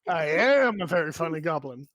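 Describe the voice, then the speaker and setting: A man's voice: a little high, big pitch swings, moderate pace, a bit bright, no echo. A man voicing a mischievous, crude male goblin who eats spellbooks, in a brash, cocky way during a tabletop game. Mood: cheeky. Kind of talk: tabletop role-play voice.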